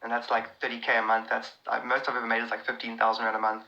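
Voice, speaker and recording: A South African man with a piercingly bright, sharp voice, chatting on a live stream and answering viewers one after another. He rambles excitably and restarts his sentences often. The sound is dull and lo-fi. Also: medium pitch, fast talker, creaky. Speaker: comedian. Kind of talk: casual live-stream chat answering comments.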